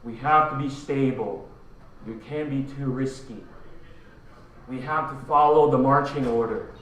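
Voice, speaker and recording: Heard from far off in an echoing conference hall, a Filipino man gives a punchy keynote and throws rhetorical questions at the crowd. His voice is medium-pitched and fairly bright, and he speaks a little slowly.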